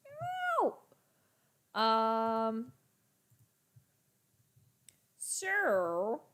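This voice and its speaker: Brief: woman streamer, chatty reaction host, lively, bouncy pitch, fairly high. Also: extremely slow. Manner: chatty, animated, talks to her chat. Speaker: sports channel host. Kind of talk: casual livestream reaction.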